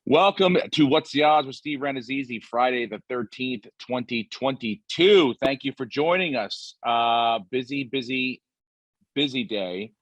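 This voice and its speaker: A man's voice: mid-range voice, a little slow, fairly bright tone, no echo, highs cut off. A man in his forties hosting a podcast, telling rambling, profanity-laced stories in a casual chat. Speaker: podcast host.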